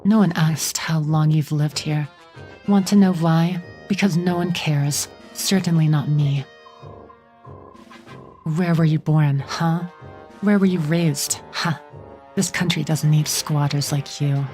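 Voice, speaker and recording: A woman's voice: low-pitched, fairly even intonation, takes it slowly, mellow, faint music behind. A woman voicing an arrogant, villainous woman general who taunts with contempt. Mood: scornful.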